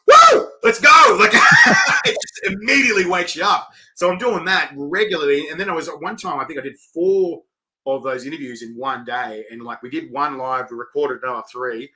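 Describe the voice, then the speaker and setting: A man, hosting a casual interview and telling animated stories. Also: on the high side, brisk. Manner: chatty storyteller, animated, acts out quotes. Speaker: interviewer and chilli event organiser. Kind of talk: casual chat. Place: online video call.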